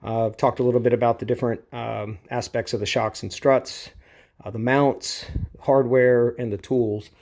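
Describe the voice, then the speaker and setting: A man giving casual how-to commentary on car suspension parts, relaxed and explanatory, with frequent fillers, recorded on a camera mic in a garage workshop. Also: medium pitch, normal speed, gravelly.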